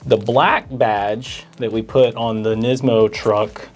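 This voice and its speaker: A man's voice: fairly low pitch, slow pace, a little mellow, soft background music. A man co-hosting a parts store Q&A, reading viewer questions and often stammering through fillers. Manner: hesitant, stammering with many fillers. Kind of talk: casual Q&A chat.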